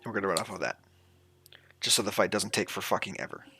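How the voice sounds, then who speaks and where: Gravelly game master explaining rules. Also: male voice, fairly low pitch, fast talker, faint music behind. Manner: relaxed, rambling explanations with fillers.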